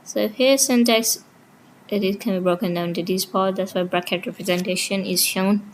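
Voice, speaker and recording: A woman's voice: mid-range voice, steady tone, moderate pace, a little hiss or hum, poor audio. A woman teaching linguistics in a casual lecture, walking through her slides point by point, with small grammar slips.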